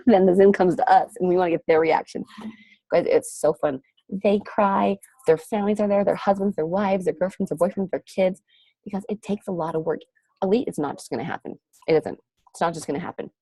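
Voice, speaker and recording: A woman's voice: lowish voice, warm tone, breathy edge, dry recording. A woman leading a team of fitness coaches on a video call, giving a gushing motivational talk full of exclamations and repeated phrases.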